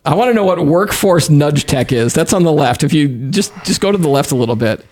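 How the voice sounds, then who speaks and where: A man's voice: on the high side, animated, fairly quick, a little mellow. A man co-hosting a podcast, chatting casually about news stories and reading quotes aloud with easy laughs. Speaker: podcast co-host.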